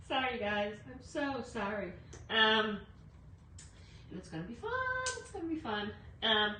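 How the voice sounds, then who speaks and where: In a casual live craft demo, a woman with a slightly high, sharp-toned voice chats away, greeting viewers by name and filling gaps with fillers. The recording is echoey and distant, with faint noise.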